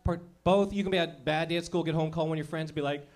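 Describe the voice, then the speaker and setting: A man's voice: a little high, steady tone, racing, darkish tone. A man in his thirties doing profane stand-up comedy, working the crowd and laughing at his own jokes.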